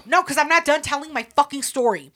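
Loud, profane woman podcast host. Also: high-pitched, fast talker. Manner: profane, animated storytelling with sudden loud outbursts. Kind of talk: casual podcast banter.

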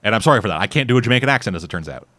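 A Canadian podcast host reviews a series in a rambling, profane way, restarting his sentences constantly. His voice is on the low side, expressive, and racing, with a pushed, bright quality in a recording that has no echo.

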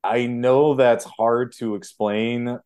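A man's voice: mid-range voice, fairly even intonation, takes it slowly, a little mellow, clear, resonant tone. A man co-hosting a podcast, steadily recapping a film's scenes in casual conversation. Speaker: podcast co-host.

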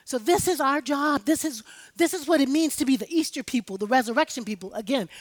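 A woman's voice: high voice, lively intonation, brisk. A woman preaching an impassioned sermon, rallying the congregation with call-and-response. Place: church sanctuary. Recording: live hall with long reverb.

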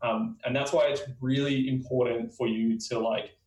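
A man from Queensland with an Australian accent, talking fast with many fillers and restarts as he teaches interviewing technique. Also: mid-range voice, steady tone, a little mellow, reverberant, recorded from a distance, rough recording. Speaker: user research instructor. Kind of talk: spoken lesson on interviewing.

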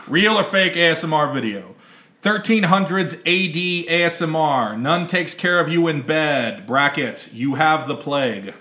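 A man's voice: a little high, animated, a little slow, bright, forceful tone, roomy sound. A man hosting a casual podcast chat, rambling, laughing often and swearing freely. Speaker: podcast host.

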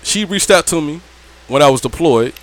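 Lively man telling stories. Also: fairly high pitch, moderate pace, a little hiss or hum. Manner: animated, laughing, profane, slangy, lots of "right?". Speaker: podcast host telling stories. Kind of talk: casual storytelling chat. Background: friends talking in the background.

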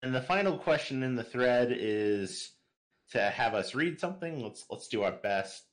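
A man co-hosting a podcast, reading listener questions out loud. His mid-range voice moves with a lively, animated lilt, and he drops in dry little quips between questions. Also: mid-range voice, moderate pace. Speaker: podcast co-host. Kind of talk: casual podcast chat.

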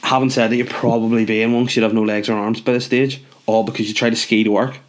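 A man's voice: lowish voice, flat delivery, fast talker. A man delivering a rambling comic rant, sweary and sardonic with mumbled asides. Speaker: comedic monologue host.

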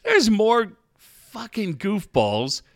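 High-pitched ranting radio host. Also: male voice, huge pitch swings, drawn-out words, creaky, a bit bright. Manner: ranting, sarcastic, heavy swearing. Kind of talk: profane sports talk rant.

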